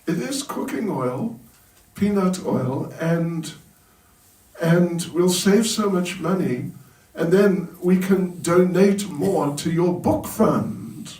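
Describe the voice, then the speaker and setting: Man putting on a keen temple manager pushing a bargain, voice pitched up and pleading, sounding far off in an echoey hall. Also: takes it slowly, darkish tone. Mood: eager pleading. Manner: pleading, persuasive. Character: eager male temple manager bargaining with his teacher. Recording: roomy hall, voice from a distance.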